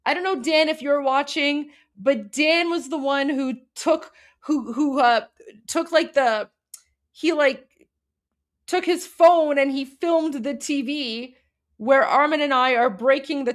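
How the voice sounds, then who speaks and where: A woman in her thirties hosting a livestream, talking to viewers in a rambling, hesitant way. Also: sits high. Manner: rambling, hesitant, emotional and warm toward viewers. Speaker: livestream host. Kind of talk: casual livestream chat to viewers.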